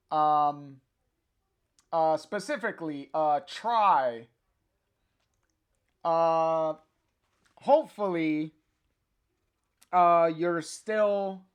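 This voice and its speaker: A slow, unhurried live-stream host reads a comic aloud and talks straight to viewers in the chat. The delivery halts often, with plenty of filler sounds and restarts. The pitch sits in a middle range. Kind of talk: casual live-stream read-along.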